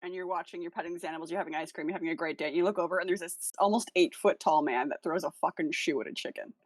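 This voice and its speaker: A woman playing in a tabletop game, chatting and joking in an animated way. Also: lowish voice, rapid-fire, no echo. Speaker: player. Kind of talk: casual chat during a tabletop game.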